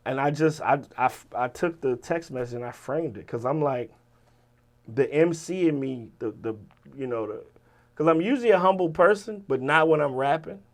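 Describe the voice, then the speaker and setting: A man's voice: on the high side, normal speed. A middle-aged man, a rapper telling stories in a casual interview, swearing freely and acting out the people he quotes. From Virginia. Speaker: rapper and writer, interview guest.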